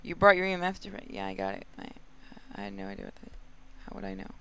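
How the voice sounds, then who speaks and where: A man's voice: on the low side, very animated, fast talker, fairly bright tone, slight background noise. A man hosting a casual let's-play video, chatting and reacting aloud as he plays a game. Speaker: gaming video host.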